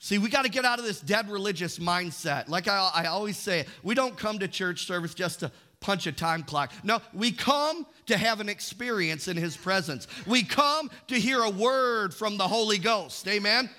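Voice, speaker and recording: A man preaching a sermon as pastor, reading scripture slowly and calling on the congregation to repeat after him. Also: high voice, animated, sharp tone.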